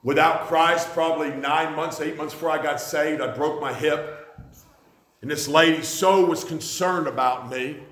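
A man preaching a sermon, impassioned, swinging from loud declarations to hushed lines. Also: a little high, steady tone, moderate pace. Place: church sanctuary. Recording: echoey church hall.

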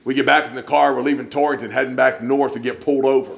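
A man's voice: medium pitch, fairly even intonation, quick pace, gravelly, slight background noise. A man, preaching in a church and telling folksy stories, acting out the people he quotes. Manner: folksy storyteller, acts out quoted voices. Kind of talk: sermon storytelling.

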